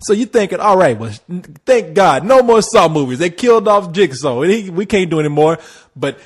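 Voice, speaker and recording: Husky man in joking film-review banter. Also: high-pitched, normal speed. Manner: laughing, joking, excitable. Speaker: podcast co-host. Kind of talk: casual movie review banter.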